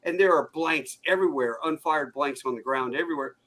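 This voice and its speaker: A man's voice: fairly high pitch, a little fast. A man hosting a casual interview podcast, telling stories with laughter. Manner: lively storyteller, laughs often. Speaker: podcast host.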